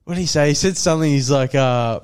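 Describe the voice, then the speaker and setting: A man's voice: on the high side, fast talker, clear, resonant tone. A man co-hosting a podcast, telling a story full of swearing and acted quotes in casual chat. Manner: swears often, animated retelling with acted quotes. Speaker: podcast co-host.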